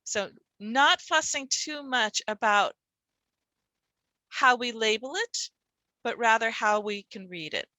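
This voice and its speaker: A woman's voice: on the high side, takes it slowly, long pauses, bright, forceful tone, no echo. A woman presenting a workshop for reading teachers, emphatic and full of rhetorical questions.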